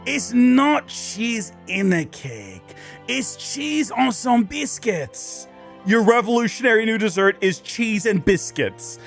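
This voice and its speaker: A man's voice: high voice, moderate pace, hardly any pauses, a bit bright, faint music behind, voice pushed up. A man doing a fussy sing-song male chef. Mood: flustered. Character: flustered excitable male head chef.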